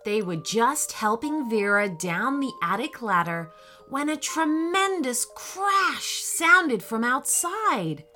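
A woman narrating a children's story in a slow, expressive reading style. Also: a little high, soft background music.

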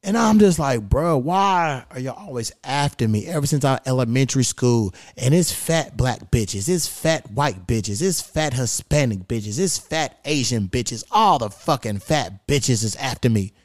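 A man's voice: mid-range voice, animated, measured pace, hardly any pauses, no room sound, clean studio sound. A man hosting a podcast, talking casually and venting in a blunt, profane, frustrated way into a stand microphone. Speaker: podcast host.

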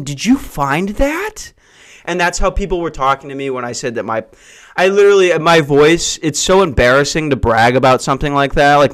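A man's voice: mid-range voice, a bit bright, clear, resonant tone. A young man hosting a podcast, rambling through casual, profane, jokey stories. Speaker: podcast host.

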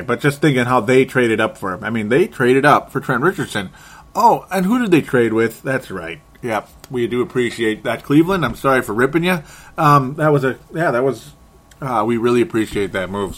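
A man hosting a sports talk show, talking in an excitable, sarcastic way and chuckling often. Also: mid-range voice. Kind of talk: casual sports commentary monologue.

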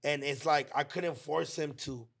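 A man co-hosting a podcast, telling a story in a casual, slangy and heartfelt way, acting out his friends' lines in quick quoted bursts. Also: on the high side, fairly even intonation, creaky, husky. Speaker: podcast co-host.

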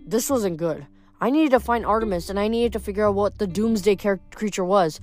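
A woman reading a novel aloud, steady and plain, with occasional slips and restarts. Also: mid-range voice, brisk, soft background music. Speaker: reader.

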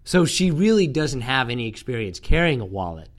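A man's voice: mid-range voice, big pitch swings, fairly quick. Dry teasing man hosting a chat. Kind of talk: casual chat.

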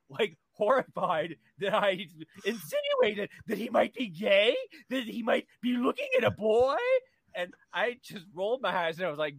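Man, radio co-host, gossipy, catty, slightly high voice, dry studio sound. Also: moderate pace, creaky, no echo. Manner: gossipy, animated storyteller, catty. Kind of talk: casual talk radio chat.

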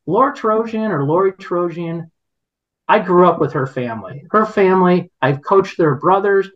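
A man's voice: high-pitched, moderate pace. A middle-aged man telling a story on a podcast in a rambling, indignant way, with many restarts. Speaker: podcast guest. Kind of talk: casual conversational storytelling. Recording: dull lo-fi podcast audio.

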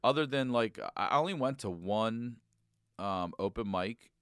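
Brief: man in his 40s, low smooth voice, swears freely, dry studio sound. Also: lively intonation, measured pace, fairly bright tone, no room sound. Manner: profane, rambling storyteller. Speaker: stand-up comedian, guest. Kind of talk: casual podcast chat.

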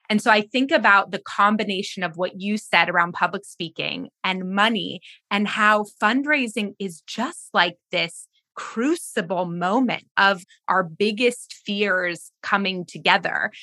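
Woman podcast host, quick thoughtful talker, bright voice, dry sound. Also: medium pitch, no room sound. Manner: fast-talking, thoughtful questioner. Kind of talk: podcast interview.

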